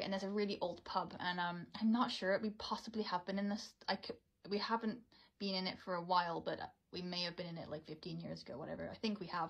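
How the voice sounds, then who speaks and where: A woman's voice: medium pitch, poor audio. A woman in her thirties telling a personal story to camera in a casual, rambling way, often cutting herself off. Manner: excitable, rambling, self-interrupting. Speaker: storytime creator.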